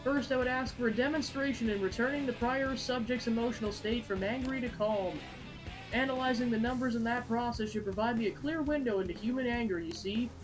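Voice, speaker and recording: A gamer reading game dialogue does a fussy alien researcher, a man who talks in stiff, overly formal phrases. He keeps closing his statements with small questions. The voice sits in a middle range with a steady, plain tone. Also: medium pitch, fairly quick, music in the background, close to an everyday voice, rough recording. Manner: stilted, tacks questions onto statements.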